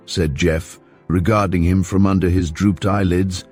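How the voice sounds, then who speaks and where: A male audiobook narrator with a very deep voice, telling the story in a measured, steady way. Soft music plays faintly underneath.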